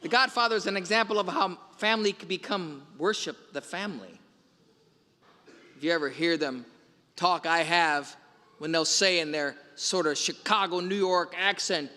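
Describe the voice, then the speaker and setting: A man's voice: high voice, expressive, moderate pace, sharp tone. A man, a priest, giving a Sunday homily and retelling film scenes with quoted lines. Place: large church. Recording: long church reverb.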